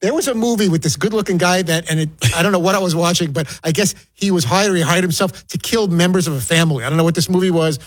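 A man's voice: high-pitched, fast talker, hardly any pauses, low-quality recording. A man co-hosting a talk show, rambling earnestly from one thought to the next. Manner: rambling, earnest, easily sidetracked. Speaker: co-host. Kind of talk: casual on-air banter.

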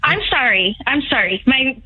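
A woman's voice: high voice, lively intonation, normal speed, dull audio, over a noisy crowd. A woman calling in to a radio show, giggly and a bit embarrassed. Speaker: radio caller. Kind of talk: phone-in chat.

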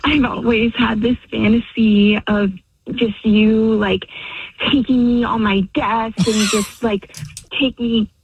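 A woman's voice: on the high side, little pitch movement, takes it slowly. A woman on a phone call, puzzled and giggly. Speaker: caller's girlfriend. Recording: dull phone line, dry.

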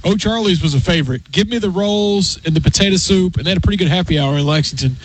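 Radio co-host, male, thirties, high voice, dry humor, faint hiss behind. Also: fast talker, rough recording. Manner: wry, self-deprecating. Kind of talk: casual sports radio chat.

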